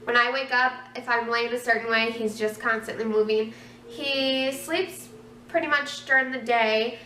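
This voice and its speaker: A woman's voice: a little high, steady tone, moderate pace, bright, forceful tone, a little hiss or hum. A young woman in her twenties giving a casual pregnancy update in a chatty, rambling way, full of fillers and restarts. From Minnesota, USA. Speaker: vlogger. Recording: echoey room, mic some distance away.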